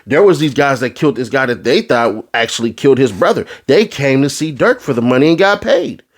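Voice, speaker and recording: A man doing a casual commentary rant, full of street slang, who swings from low asides into high, exasperated outbursts. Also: expressive, fairly quick. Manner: street slang, addresses the audience as bro. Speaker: commentary vlogger.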